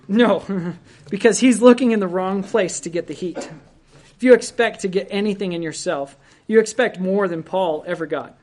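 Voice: medium pitch, normal speed, darkish tone. A preacher delivering a sermon in an earnest, exhorting manner, speaking directly to listeners and lifting the voice to stress each quoted verse.

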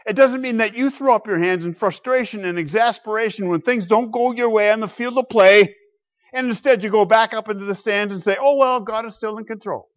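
A man preaching a sermon, emphatic, swinging between loud exclamations and quiet low asides. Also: fairly quick, muffled recording.

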